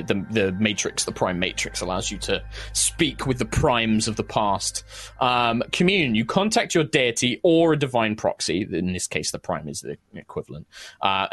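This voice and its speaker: A man acting as game master, reading spell rules and narrating the scene, with slow pauses and filler between descriptions. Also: on the low side, fairly bright tone. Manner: reads spell rules briskly, slows for vivid scene description.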